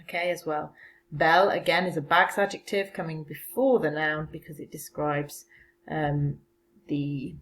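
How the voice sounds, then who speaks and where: A woman's voice: sits low, fairly even intonation, measured pace, slight background noise, poor audio. A woman teaching a recorded remote French lesson, patiently explaining phrases step by step.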